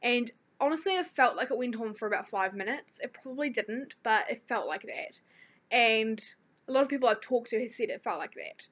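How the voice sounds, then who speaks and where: A woman's voice: fairly high pitch, expressive, fairly quick, a bit bright. A teenage girl with a New Zealand accent, rambling through a story in a chatty vlog with lots of fillers. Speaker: vlogger. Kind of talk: casual chat. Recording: dull lo-fi recording.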